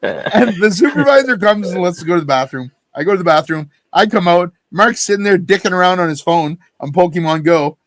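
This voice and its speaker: A man with a Canadian Maritimes accent, co-hosting a podcast and telling a story in casual chat, animated and full of swearing. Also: high-pitched, brisk. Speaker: podcast co-host.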